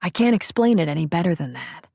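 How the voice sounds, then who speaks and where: A woman reading the part of a tender, confident male lover in an audiobook, with soft, intimate delivery. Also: lowish voice, animated, fast, vocal fry, breathy edge, no room sound, studio quality, heavily acted.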